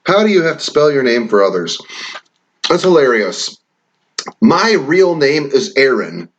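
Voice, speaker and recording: A man's voice: medium pitch, sing-song, unhurried, highs cut off, slight background noise. A man from Wisconsin chatting casually and swearing now and then as he reads quiz questions aloud and riffs on them. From Wisconsin, USA. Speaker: vlogger taking online quizzes. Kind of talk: casual rambling commentary.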